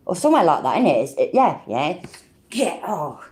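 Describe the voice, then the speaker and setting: A British woman hosts a casual livestream chat. Her voice is low and warm, and it swings widely in pitch as she chats and laughs. She swears freely and talks easily to her viewers. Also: sing-song, moderate pace. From Britain. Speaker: livestream host.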